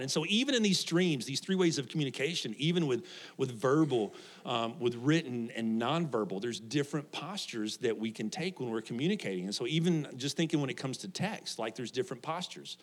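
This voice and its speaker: A man's voice: mid-range voice, lively intonation, fairly quick. Middle-aged man, pastor, conversational sermon, joking, asks the crowd questions, laughs often.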